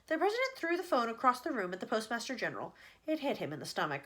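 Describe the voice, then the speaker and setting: A woman's voice: a little high, big pitch swings, very fast. A woman teacher reading a chapter book aloud to children, breaking off for chatty asides.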